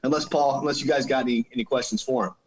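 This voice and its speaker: A man's voice: mid-range voice, fairly even intonation, racing, crowd noise, low-quality recording. A man hosting a podcast in casual chat, affectionate and openly fond of his guests. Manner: warm-hearted, affectionate with friends. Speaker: podcast host.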